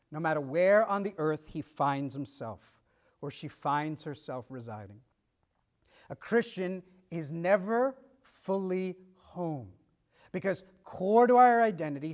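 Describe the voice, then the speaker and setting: A middle-aged man preaching, telling stories and acting out dialogue with shifts of pace and volume. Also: high-pitched. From United States. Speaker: pastor. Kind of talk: sermon.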